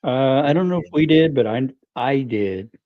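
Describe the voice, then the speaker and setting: Wisecracking co-host on a dull mic. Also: male voice, medium pitch, animated, moderate pace, no room sound. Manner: short wisecracking interjections. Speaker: podcast co-host. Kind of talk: casual chat.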